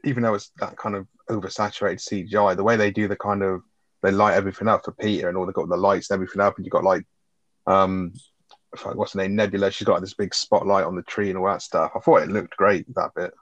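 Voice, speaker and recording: A man's voice: low-pitched, level tone, fast talker, no echo, lo-fi sound. A man co-hosting a casual film review chat, swearing freely as he retells scenes. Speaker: film review podcast co-host.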